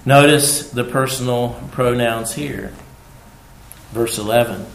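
A man preaching a sermon, repeating his key phrases for emphasis and swinging between hushed and loud delivery. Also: mid-range voice, unhurried, roomy sound, low-quality recording.

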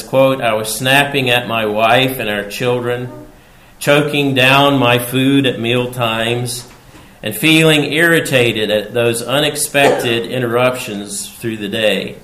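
Guy pastor preaching slow and deliberate, gets loud on the bible verses, echoey church with a little hiss. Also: mid-range voice. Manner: measured preaching, rising loud emphasis on scripture quotes. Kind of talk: expository sermon. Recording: roomy hall sound with faint background noise.

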